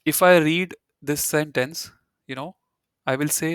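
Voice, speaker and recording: A man with a slightly high voice delivers a conversational German grammar lecture at normal speed, reading example sentences aloud and leaning on "you know" fillers and restarts. His tone is fairly bright, clear, and resonant, recorded at studio quality with no echo.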